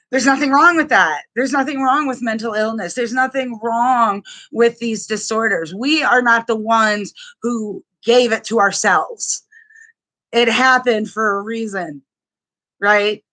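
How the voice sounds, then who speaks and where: Woman vlogger with a bright, sharp tone, telling her own story angrily and bluntly, swearing freely. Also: on the high side. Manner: blunt and profane, with heavy swearing and restarts; indignant and raw. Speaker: vlogger sharing a personal experience. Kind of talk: angry personal testimony vlog.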